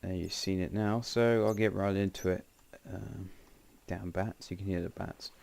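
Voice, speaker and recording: A man's voice: low-pitched, fairly even intonation, normal speed, creaky, a little mellow. A man giving casual, rambling gameplay commentary with wry asides and frequent self-corrections. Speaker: game channel host.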